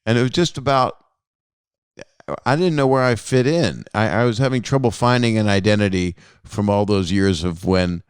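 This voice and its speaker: Low, smooth-voiced man telling rambling stories. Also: moderate pace, no echo, studio quality. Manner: rambling, self-deprecating storytelling. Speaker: podcast host. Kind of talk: casual conversation.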